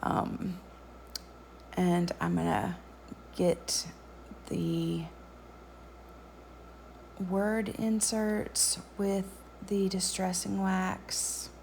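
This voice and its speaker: Woman, craft tutorial voice-over, chatty, frequent ums, gravelly voice. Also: on the low side, little pitch movement, extremely slow, long pauses, darkish tone, slight background noise.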